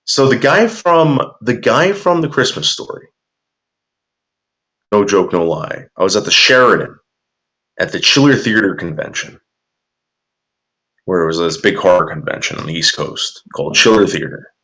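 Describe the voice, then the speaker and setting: Lowish-voiced streamer guy, rambling, swears a lot, pitch jumps all over, reads chat. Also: very animated, normal speed, pauses often, sharp tone. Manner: profane, rambling storytelling. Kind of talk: casual chat reacting to viewer comments.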